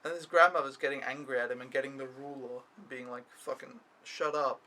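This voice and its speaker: A man's voice: mid-range voice, fast, pushed and bright, slight background noise, low-quality recording. A young man talking to camera in a rambling, complaining vlog recap, swearing often. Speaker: au pair vlogger. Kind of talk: casual weekly recap vlog.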